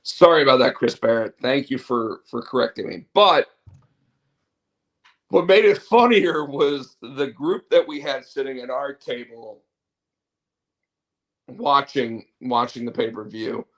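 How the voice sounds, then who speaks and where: A man's voice: medium pitch, a little slow, long pauses, a bit bright. A man hosting a show, chatting casually in a rambling, opinionated way. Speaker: show host. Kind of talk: casual wrestling chat.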